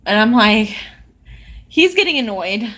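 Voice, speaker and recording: A woman telling a personal story in a casual, halting way, full of likes and ums. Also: fairly high pitch, sing-song, pushed and bright.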